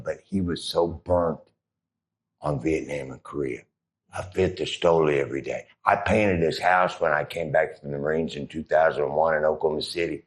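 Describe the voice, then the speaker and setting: A middle-aged man, a former Marine, telling rambling, profane stories in a casual interview. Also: low voice. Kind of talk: casual storytelling.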